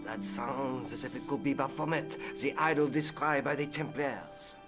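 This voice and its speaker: An actor playing a learned, patient scholar who explains history in a measured way in a video game. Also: male voice, medium pitch, over music, close to an everyday voice. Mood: explaining.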